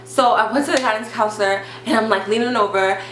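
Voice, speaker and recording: A chatty young woman telling a story to her viewers, with "like" dropped into nearly every phrase. Her voice sits a little high and sounds bright. It echoes around a bare room with a faint hum behind. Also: fast. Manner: chatty, constant "like" fillers, animated retelling. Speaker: vlogger. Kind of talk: storytime vlog, casual chat.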